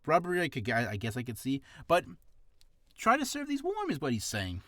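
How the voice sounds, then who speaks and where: A man's voice: mid-range voice, wildly swooping pitch, normal speed, bright, forceful tone, no echo, clean studio sound. A man talking casually in a vlog about reading practice, rambling and poking fun at himself. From Canada. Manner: chatty, rambling, self-mocking. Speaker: voice actor vlogger.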